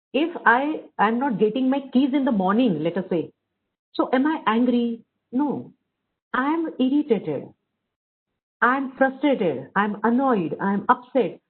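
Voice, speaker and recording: A woman's voice: mid-range voice, slightly rough. A woman with an Indian accent giving an online workshop talk, explaining with examples and switching between English and Hindi. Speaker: workshop speaker. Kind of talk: online lecture. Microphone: video call. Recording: tinny call audio.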